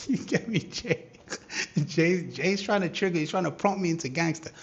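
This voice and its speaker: A man hosting a live trading stream, commenting on charts in a teasing, animated way that breaks into excited shouting. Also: a little high, normal speed, husky, dull audio. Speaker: trading livestream host.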